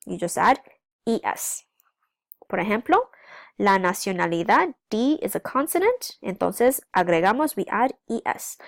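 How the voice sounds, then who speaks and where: A woman's voice: mid-range voice, big pitch swings, moderate pace, dry recording, clean studio sound. A woman teaching a language lesson, explaining step by step and often checking in with "okay?", switching between two languages. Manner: switches between English and Spanish. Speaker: Spanish teacher. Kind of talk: recorded classroom lesson.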